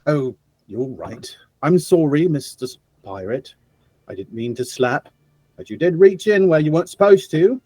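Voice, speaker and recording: A man's voice: a little high, lively intonation, moderate pace, warm tone, no room sound, voice pushed up. A man voicing a dry, blasé male professor with a wry, sardonic manner. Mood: indignant.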